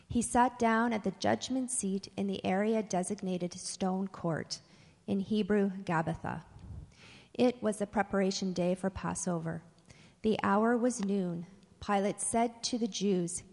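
A woman reading a scripture passage aloud in an even, unhurried way. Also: medium pitch, creaky, big-room sound. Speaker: scripture reader.

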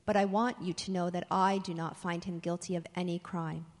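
A woman's voice: lowish voice, flat delivery, normal speed, big-room sound, close to an everyday voice. A woman voicing an uneasy, impatient Roman governor in a scripture reading, with a raised, questioning tone. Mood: pressing.

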